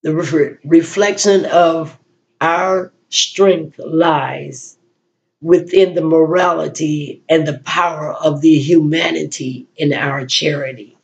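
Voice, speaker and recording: A woman performs a spoken-word poem in a gravelly, creaky voice. She speaks slowly and measuredly in a flat, even tone. She pauses often and sometimes restarts a phrase. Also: low-pitched, dull audio. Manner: slow, measured recitation with frequent pauses and restarts. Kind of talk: poetry recital and personal reflection.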